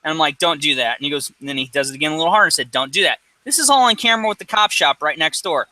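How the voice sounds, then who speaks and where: Brief: rambling, profane man, high voice, dry close sound. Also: rapid-fire, no echo, rough recording. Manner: rambling, profane, animated storyteller. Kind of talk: casual chat storytelling.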